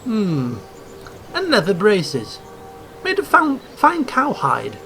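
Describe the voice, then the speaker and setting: A man hosting a let's play, reading game text aloud with theatrical, chuckling commentary and hushed asides. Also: high voice, wildly swooping pitch, slow, soft background music. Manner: theatrical, chuckling, swings between hushed asides and loud exclaims.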